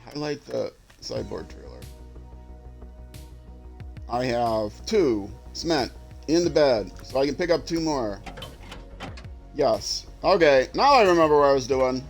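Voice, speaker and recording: A man's voice: medium pitch, expressive, a little slow, creaky, long pauses, soft background music. A middle-aged man with a Minnesota accent, tired and rambling through live gameplay commentary, chatty and self-mocking, tripping over his words. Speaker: game streamer.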